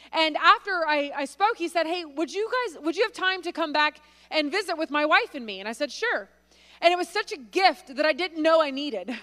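A woman's voice: sits high, a bit bright, in a large hall. A woman speaking at a church, preaching conversationally with plenty of fillers and restarts. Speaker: guest speaker. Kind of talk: sermon with storytelling. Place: church sanctuary.

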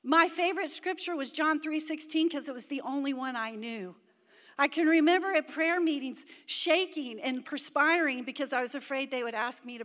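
A middle-aged woman giving an animated sermon testimony as a pastor's wife, her voice rising to shouts at times, recorded in a large church hall. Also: high voice.

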